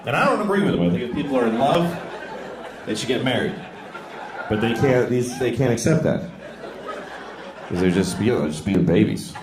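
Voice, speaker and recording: A man doing a stand-up comedy set, telling stories deadpan and breaking into loud acted-out voices. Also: medium pitch, normal speed, pauses often, noisy background. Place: theater stage before a laughing audience. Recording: roomy live venue with crowd laughter.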